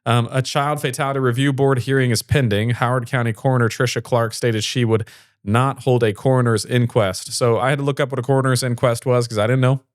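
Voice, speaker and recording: A man's voice: mid-range voice, fairly even intonation, fairly quick, no room sound, clean studio sound. Chatty man hosting a local news show. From Fayette area. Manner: chatty, rambling, many fillers. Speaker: local news podcast host. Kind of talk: casual chat and news reading.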